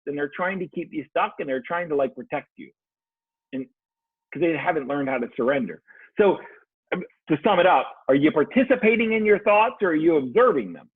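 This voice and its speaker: A man speaks as a guest in a casual podcast conversation. His voice sits high and husky and swings widely as he tells stories, swearing freely. The sound is dry and squeezed through a narrow, phone-like line. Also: no echo. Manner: animated storyteller, swears freely. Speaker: leadership coach guest.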